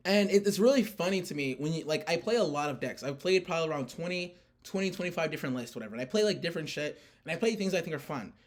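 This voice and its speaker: A man's voice: on the high side, lively intonation, fast, hardly any pauses. A young man ranting casually about a card tournament, rambling with lots of fillers and swearing. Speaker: player recounting a card tournament. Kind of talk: casual rant.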